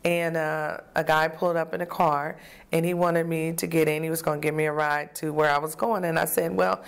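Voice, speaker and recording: A woman's voice: deep voice, level tone, brisk, clean tone. A woman guest recounting her past in an interview, a vivid storyteller who acts out the voices of people she quotes. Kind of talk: personal testimony in an interview.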